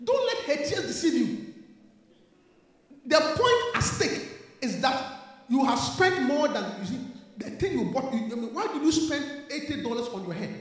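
A man's voice: very high voice, very animated, moderate pace, pauses often, a bit bright. A man preaching a sermon, emphatic, repeating his lines and calling out to the congregation. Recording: echoey hall with long reverb.

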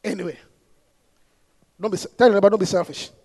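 A man preaching a sermon as pastor, repeating phrases, calling out to the congregation and rising to impassioned shouts. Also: high-pitched, steady tone, quick pace, gravelly, breathy edge. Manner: repetitive, call-and-response preaching.

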